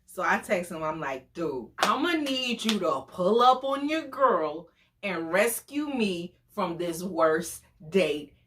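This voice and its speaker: A woman in her forties telling a story casually, animated and exclamatory, often breaking into laughter. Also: lowish voice, slow. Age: 40s. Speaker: storytime vlogger.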